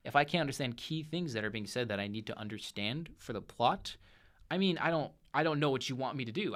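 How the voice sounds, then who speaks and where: A young man hosting a casual movie review show, talking in an animated way with frequent restarts and self-corrections. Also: medium pitch.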